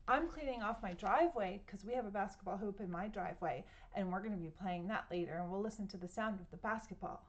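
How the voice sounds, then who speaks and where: A woman's voice: mid-range voice, fast, few pauses, highs cut off. A woman reading a picture book aloud to children at home, playfully imitating sounds and asking her listeners questions. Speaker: storytime reader.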